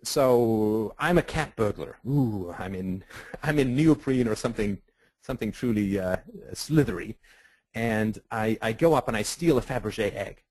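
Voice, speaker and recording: A man giving a webinar lecture on ethics, animated and rhetorical, acting out the voices of people he quotes. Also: fairly low pitch, measured pace, no echo, low-quality recording. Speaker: webinar speaker.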